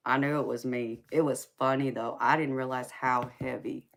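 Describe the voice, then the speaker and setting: Very low-voiced Southern woman. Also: steady tone, normal speed. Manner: folksy, calls listeners baby, sweetheart and honey. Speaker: tarot reader and live-stream host. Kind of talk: casual live-stream chat.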